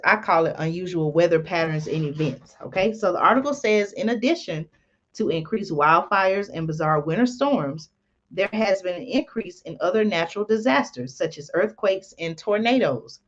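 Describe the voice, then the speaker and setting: A woman's voice: on the low side, expressive, normal speed, highs cut off. A woman host reading from an article and adding folksy comments, with many ums and "y'all". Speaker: channel host.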